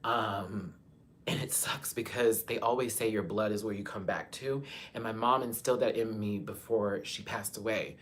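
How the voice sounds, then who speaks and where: Young man, Texas, live-stream host, frank and confiding, lower voice, webcam mic. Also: steady tone, normal speed, a little hiss or hum. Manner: frank, confiding, swings between soft and loud. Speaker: YouTuber hosting a live chat. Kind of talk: candid live-stream talk to viewers.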